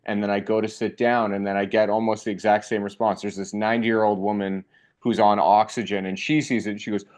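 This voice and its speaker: A young man telling a funny personal story in a casual, animated way, acting out the voices of the people in it. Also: lowish voice. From Canada.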